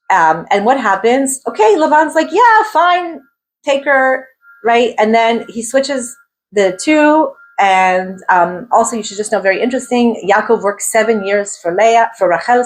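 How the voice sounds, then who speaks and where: A woman teaching the weekly Torah portion in a lively, questioning way, sprinkling in Hebrew terms and acting out the figures' voices. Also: medium pitch, low-quality recording.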